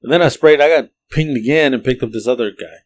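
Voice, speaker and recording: A man, a podcast co-host telling rideshare driving stories in a profane, animated way, acting out the quotes. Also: mid-range voice, quick pace. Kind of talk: casual storytelling chat.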